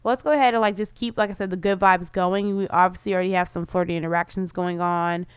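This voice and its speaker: Chatty woman with a smooth, dry voice. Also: lowish voice, fairly even intonation, quick pace, no room sound. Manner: chatty, bubbly, lots of "like" fillers. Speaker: gameplay commentator. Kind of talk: casual game commentary.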